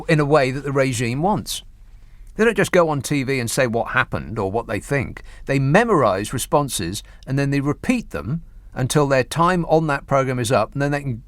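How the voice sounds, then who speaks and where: A man's voice: on the high side, fairly bright tone, no room sound. A man hosting a radio phone-in, delivering mocking political commentary. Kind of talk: talk radio monologue and phone-in. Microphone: studio microphone.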